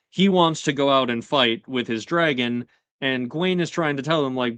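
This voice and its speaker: A man casually recapping a TV episode for his show, chatty with lots of fillers and quick paraphrased quotes. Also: medium pitch, fairly bright tone, clear, resonant tone, dry recording. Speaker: show host.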